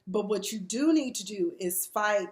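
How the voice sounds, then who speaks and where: A woman's voice: medium pitch, expressive, measured pace. Blunt, outspoken woman in an echoey room. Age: 40s. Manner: blunt, candid, profane, mimics the people she discusses. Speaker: reality TV recap vlogger. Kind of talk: casual commentary. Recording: roomy echo.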